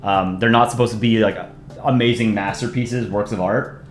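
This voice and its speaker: A man's voice: lowish voice, moderate pace, echoey room. Laid-back man streaming comic reviews. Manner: relaxed, self-deprecating, lots of ums and restarts. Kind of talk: casual live-stream commentary.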